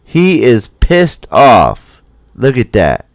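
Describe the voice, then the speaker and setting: A man's voice: mid-range voice, huge pitch swings, drawn-out words, gravelly, no echo. A man hosting a livestream and commenting casually on video footage, swearing and firing rhetorical questions at viewers. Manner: profane, keeps asking the viewer rhetorical questions; acts out the people in the footage in quoted voices. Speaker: livestream host.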